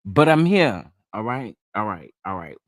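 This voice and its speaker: A man's voice: on the low side, sing-song, unhurried, no echo. Male livestream host, slightly sick, chatty and drawling, dry close-mic sound. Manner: chatty, greets viewers by name, drawling asides. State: under the weather. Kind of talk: casual live chat.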